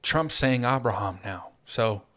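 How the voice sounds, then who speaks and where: A man's voice: medium pitch, animated, unhurried, pushed and bright. A man hosting a solo political commentary show, talking in a sarcastic, mocking way. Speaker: host.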